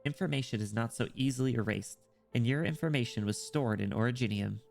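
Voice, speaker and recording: A man reading out a detached priestess who speaks in a cold, matter-of-fact way. The delivery stays flat and drained of feeling, with faint game music behind. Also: mid-range voice, a little fast, vocal fry, natural voice.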